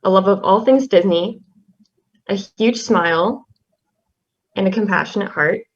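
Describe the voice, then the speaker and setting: A young woman reads a tribute poem aloud, soft-spoken and halting, with fillers between phrases. Her voice sits at an ordinary middle pitch. The audio is slightly dull and lo-fi. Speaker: class representative.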